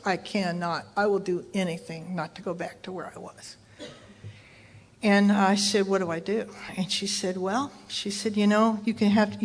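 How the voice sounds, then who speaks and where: A woman's voice: mid-range voice, slight background noise. A woman from Texas speaking at a recovery meeting, telling a candid, self-mocking personal story to an audience.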